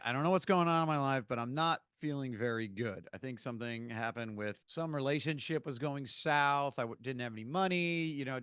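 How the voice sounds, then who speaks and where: A man's voice: medium pitch, fairly bright tone, smooth, no room sound, clean studio sound. A middle-aged man hosting a podcast, telling bar stories in a conversational, profane, self-mocking way. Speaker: podcast host and former bartender. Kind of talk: casual storytelling monologue.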